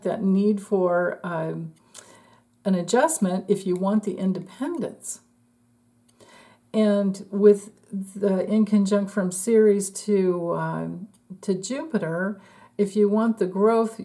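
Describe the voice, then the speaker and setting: A woman's voice: mid-range voice, mellow. A woman astrologer giving a casual, chatty forecast, laughing often and trailing off mid-thought.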